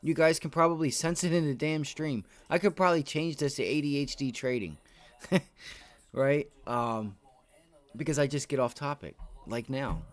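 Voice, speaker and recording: A man's voice: on the high side, moderate pace, no room sound. A tired man hosting a trading livestream, rambling to his chat with many restarts. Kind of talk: casual live-stream talk.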